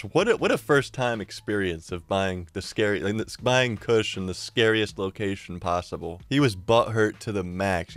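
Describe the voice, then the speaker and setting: A young man casually narrating a story in a slangy, profane, excitable way. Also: no room sound. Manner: excitable, slangy and profane, often rising in pitch and volume. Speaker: storyteller YouTuber.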